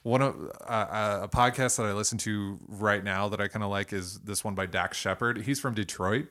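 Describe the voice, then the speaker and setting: A man's voice: on the low side, fairly even intonation, normal speed, a bit bright. A man hosting a podcast from a dining room, telling stories in a rambling, self-interrupting way. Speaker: podcast host. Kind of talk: casual chat. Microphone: recording at a dining table.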